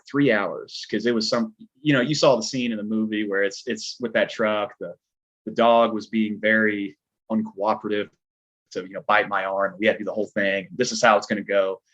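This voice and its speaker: Man, southern twang, low husky voice, rambling storyteller, muffled lo-fi podcast sound. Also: a bit bright. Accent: American Southern twang. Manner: laid-back, rambling, lots of filler words. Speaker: podcast guest, stuntman. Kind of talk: casual storytelling chat. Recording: dull lo-fi podcast audio.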